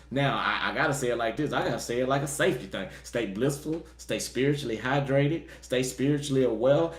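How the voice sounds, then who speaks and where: Man tarot reader with roomy echo. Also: medium pitch. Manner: repeats affirmations, gives shout-outs; dialect-tinged informal speech, uses "y'all". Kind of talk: casual spiritual reading for viewers.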